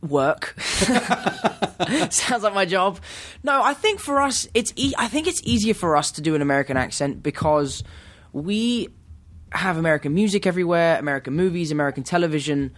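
A young man with an English accent, an actor chatting as a guest in a casual interview, animated and quick to laugh. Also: on the high side. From England. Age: young adult.

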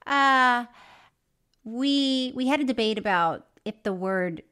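A woman with a fairly high voice co-hosts a relaxed podcast. She is middle-aged, chats easily with her partner, reads listener letters aloud and laughs often. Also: slow, clean tone. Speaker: podcast co-host. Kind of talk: casual podcast chat, reading listener mail.

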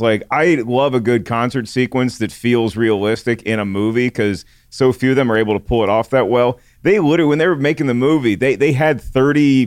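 Earnest guy, smooth clear voice, dry close sound, thinks out loud. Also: medium pitch, no room sound. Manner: thoughtful, earnest, stumbles on words. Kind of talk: casual chat.

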